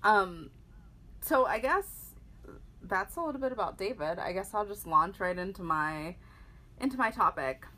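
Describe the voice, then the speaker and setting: A woman from rural Pennsylvania co-hosting a podcast, telling a personal story in a wry, animated way. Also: medium pitch, a little slow. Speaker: podcast co-host. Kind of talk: storytelling in casual podcast chat.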